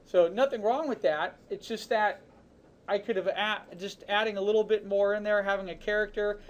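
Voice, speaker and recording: Casual male art instructor narrating his painting. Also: normal speed. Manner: relaxed, talks while painting, narrates each brush stroke; casual, with fillers like "boom" and "you know". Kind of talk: screen-recorded art lesson.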